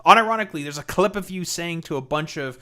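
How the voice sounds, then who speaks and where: Mocking, bright-voiced streamer man. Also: fairly high pitch, fast talker. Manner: mocking, heated, profane, with laughs. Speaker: streamer host. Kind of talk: live-stream reaction commentary.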